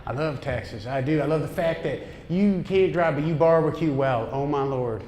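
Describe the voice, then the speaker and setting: Brash stand-up comic in echoey club. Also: male voice, on the high side, normal speed. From upstate New York. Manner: brash, punchy delivery with crowd asides. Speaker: stand-up comedian. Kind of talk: stand-up comedy set. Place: comedy club stage. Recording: echoey club room with noise. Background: audience laughter.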